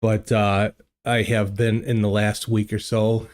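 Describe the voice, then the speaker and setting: An older man hosts a relaxed chat stream from his home studio, talking into a desk microphone. His voice sits on the low side and he takes his time. He rambles along to his viewers, full of "uh" and "you know" and restarted sentences. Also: a little slow. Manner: rambling, chatty, many fillers and restarts. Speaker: livestream host. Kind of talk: casual chat with live chat viewers.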